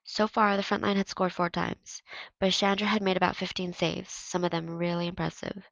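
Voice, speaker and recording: A woman teacher reads a novel aloud in a steady, even narration. Her voice sits low with a gravelly fry, and the sound is close and dry. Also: moderate pace, no echo, rough recording. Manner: steady first-person narration.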